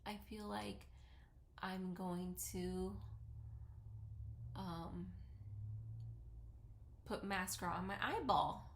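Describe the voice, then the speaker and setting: A woman's voice: mid-range voice, little pitch movement, very slow, long pauses, a little hiss or hum. Spanish-accented mom rambling thru her makeup routine, chatty, laughs at herself, echoey room. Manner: chatty, rambling, self-deprecating. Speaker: vlogger. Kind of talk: casual makeup tutorial chat. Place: at home. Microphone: camera mic. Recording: roomy echo.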